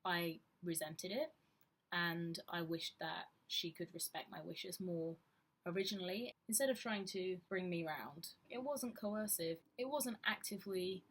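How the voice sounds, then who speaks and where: Frank woman vlogger, slightly breathy, lower register, reflective delivery. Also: a little slow, a bit bright. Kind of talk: candid personal vlog talk.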